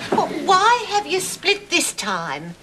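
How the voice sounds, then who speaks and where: An actress playing a mild, polite housewife and hostess who speaks gently in a sitcom. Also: female voice, extremely high pitch, huge pitch swings, takes it slowly, over a noisy crowd, very noisy, full character voice. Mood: concerned. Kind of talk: sitcom acting.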